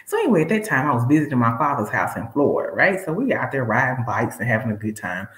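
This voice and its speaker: A woman's voice: rumbling low, big pitch swings, quick pace, fairly bright tone, echoey room, rough recording. A woman from Alabama hosting a live stream, talking casually and preaching to viewers she calls y'all. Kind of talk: casual motivational talk.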